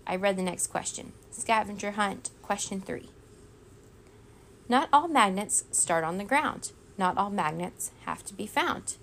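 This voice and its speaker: A woman reading a children's storybook aloud in a steady, expressive way. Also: mid-range voice, unhurried, a little hiss or hum. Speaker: reader.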